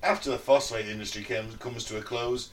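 A man co-hosting a casual chat podcast, reading research notes aloud and breaking off for jokey, sweary asides. His voice sits at a middling pitch and comes across a little distant from the mic. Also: steady tone, brisk, fairly bright tone. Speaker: podcast co-host.

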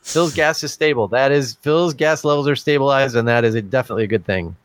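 A man's voice: mid-range voice, quick pace, no echo. A man co-hosting a casual podcast, chatting and laughing as he reads listener comments aloud. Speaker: podcast co-host.

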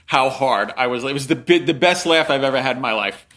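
A young adult man telling a story in casual chat, acting out quotes in lively voices. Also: brisk. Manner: animated, acts out quotes with big pitch jumps.

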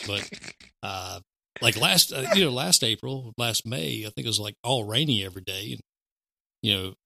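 A middle-aged man co-hosting a podcast, talking in a relaxed, rambling way with many fillers. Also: mid-range voice, vocal fry, no echo. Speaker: podcast co-host. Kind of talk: casual chat.

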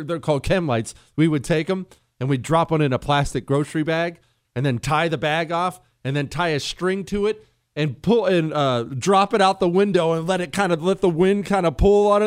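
A middle-aged man hosting a radio talk show, delivering an opinionated, sarcastic monologue. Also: on the high side. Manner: animated, sarcastic, mocks others in put-on voices.

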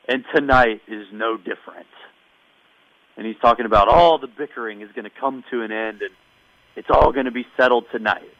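A man hosting a casual podcast chat, recapping events as an animated storyteller with wry asides. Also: lowish voice, normal speed, creaky, dry recording, dull audio.

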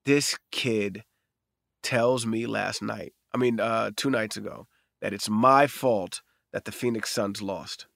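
A man co-hosting a podcast, telling animated stories in casual chat, jumping his voice up high to play other people. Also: takes it slowly, gravelly, no echo, clean studio sound. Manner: animated storyteller, jumps high for voices, emphatic. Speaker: podcast co-host.

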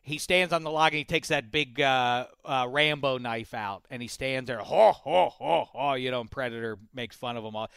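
A man's voice: mid-range voice, steady tone, normal speed, few pauses, sharp tone, clean tone, dry recording. A man hosting a casual studio talk show, joking around and slipping into mock accents of coworkers. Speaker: sports talk show host.

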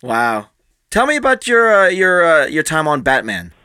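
Man interviewing, with a lively voice. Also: fairly high pitch, normal speed, smooth. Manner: brief reactions, prompting. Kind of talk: interview chat.

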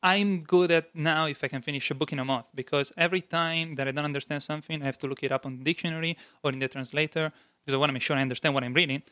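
A man's voice: fairly high pitch, steady tone, racing, bright, forceful tone, clear, resonant tone, no echo. A man from Italy with an Italian accent, a guest in a casual interview, telling his story plainly and earnestly.

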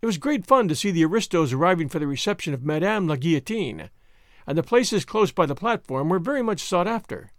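A man's voice: sits high, lively intonation, brisk, dry recording, clean studio sound. A man narrating a classic novel as an audiobook, reading expressively.

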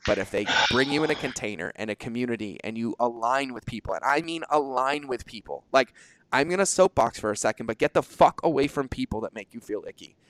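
Guy hosting a podcast, super animated, cusses a lot, pitch jumping all over, dry close sound. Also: fast, no room sound. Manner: energetic, animated, swears freely, acts out quoted exchanges. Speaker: podcast host. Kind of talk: casual podcast conversation.

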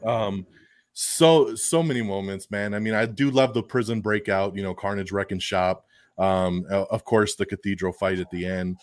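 A man hosting a podcast in a casual chat, animated and full of fillers, chuckling often. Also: fairly low pitch, normal speed, no echo. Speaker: podcast host reviewing a film.

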